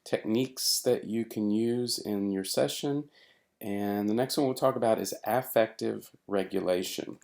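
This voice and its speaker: Low, gravelly man teaching therapy. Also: a little slow. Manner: relaxed, conversational, with frequent fillers and restarts. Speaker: therapy trainer. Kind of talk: recorded training lecture.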